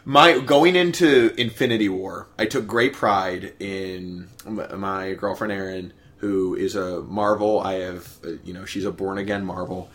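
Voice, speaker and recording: A man telling a story as a guest on a casual podcast chat, rambling and animated. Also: low voice, unhurried, hardly any pauses.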